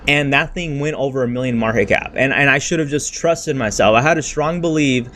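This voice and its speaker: A man livestreaming about crypto trading vents about his losses in a blunt, slangy, frustrated rant mixed with market talk, dropping "freaking," "bro" and "dude" often. His voice is medium-pitched, brisk and fairly bright, with slight hiss or hum in the audio.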